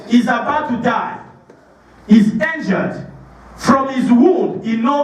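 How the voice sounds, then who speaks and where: A man's voice: high voice, big pitch swings, a little slow. A man preaching a sermon as pastor, leading the congregation in call-and-response and laughing often. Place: church hall. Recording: echoey hall, distant mic.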